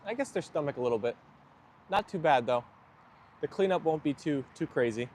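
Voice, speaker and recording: Man, fairly high voice, casual live chat, rambling, self-deprecating, outdoors, phone mic. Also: expressive, fairly quick, a little mellow, slight background noise. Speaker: dog owner livestreaming to viewers. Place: outdoors on a rainy, muddy walk.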